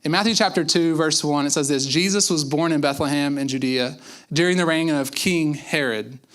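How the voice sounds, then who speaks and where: At a moderate pace, this male pastor's fairly bright, highish voice delivers a conversational sermon where he performs quotes and repeats words to drive points home.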